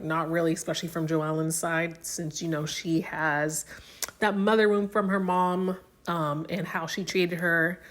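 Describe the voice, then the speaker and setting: A woman's voice: fairly low pitch, a bit bright. A young woman recapping a reality show in casual chat, with lots of "um" and "like". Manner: chatty, many fillers like "um" and "like".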